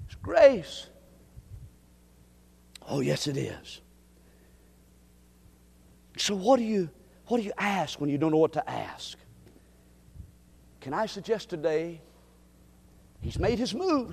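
Male preacher, high voice, dramatic swings from hush to shout, long hall reverb. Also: big pitch swings, unhurried, gravelly, long pauses, breathy edge. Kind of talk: sermon.

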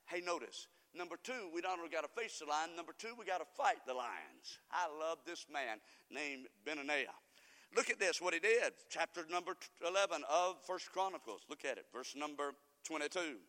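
A man pastor preaching a sermon. He breaks into sudden shouts and calls on the congregation to answer. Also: a little high, expressive, normal speed, in a large hall.

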